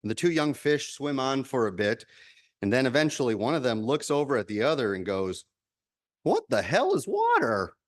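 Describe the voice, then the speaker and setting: Man preaching a measured, reflective sermon. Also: mid-range voice. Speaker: minister.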